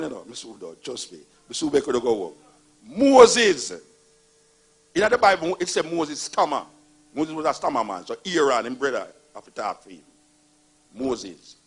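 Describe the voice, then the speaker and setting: A man's voice: mid-range voice, husky. A man with a Jamaican accent giving an emphatic, mocking storytelling monologue about religion. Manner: emphatic, animated, mocking retellings. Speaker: speaker on religion.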